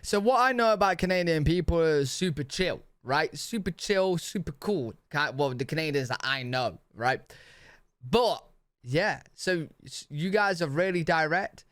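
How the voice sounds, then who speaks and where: A man's voice: a little high, animated, measured pace, fairly bright tone, dry recording, clean studio sound. A British man streaming a casual reaction, chatting loosely with lots of fillers and restarts. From United Kingdom. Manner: chatty, rambling, filler-heavy.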